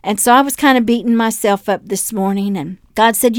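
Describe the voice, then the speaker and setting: A woman's voice: a little high, brisk, hardly any pauses, dry recording, clean studio sound. An older woman hosting a devotional podcast, teaching and telling homey stories in which she acts out the voices of the people in them. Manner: warm storytelling, acting out voices in her anecdotes. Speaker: podcast host and preacher.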